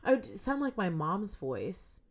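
A young woman, a podcast guest, telling a creepy story in casual chat, swearing freely and swinging from loud bursts to hushed whispers. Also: medium pitch, huge pitch swings, unhurried.

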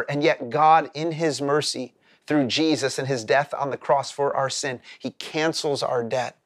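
A man's voice: mid-range voice, steady tone, a little slow, no echo, clean studio sound. A man preaching a sermon as a pastor, earnest and explanatory, often repeating words as he starts a phrase.

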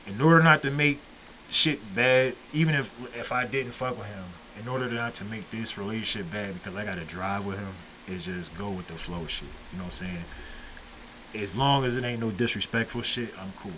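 A man's voice: on the low side, a little fast, pushed and bright, a little hiss or hum, poor audio. A man hosting a podcast, telling stories in a laid-back, profane, casual way. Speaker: podcast host.

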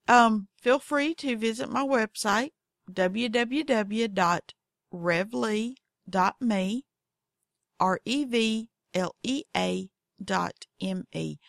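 A woman with a Southern accent talks slowly and folksily, hosting her own podcast. Her voice has a gravelly, fry-tinged edge. It is recorded dry and close, with no room sound. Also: a little high, fairly bright tone, dry recording. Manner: goofy, folksy, acts out her cats in voices. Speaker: podcast host. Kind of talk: casual storytelling monologue.

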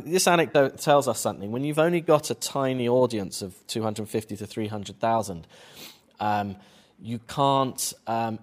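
A man giving a conversational public lecture on film, quizzing the audience as he goes. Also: lowish voice. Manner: chatty, quizzes the audience with questions.

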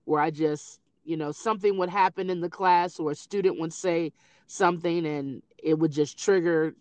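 A middle-aged woman in casual conversation, telling family stories in an animated way. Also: on the low side, normal speed, no room sound. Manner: animated storyteller who acts out quoted voices. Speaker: grieving mother sharing memories.

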